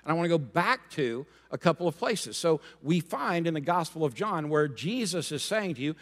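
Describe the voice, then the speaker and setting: Male pastor, sermon delivery, slightly high voice, bantering with the congregation, in a hall with long reverb. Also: normal speed. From Rhode Island and Florida. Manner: lively, joking, asks the congregation to respond.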